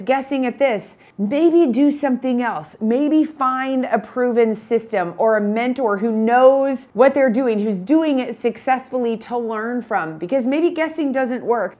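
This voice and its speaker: A woman in her fifties who coaches photography business owners gives an energetic motivational talk, telling stories in a chatty way. Her voice is a little high.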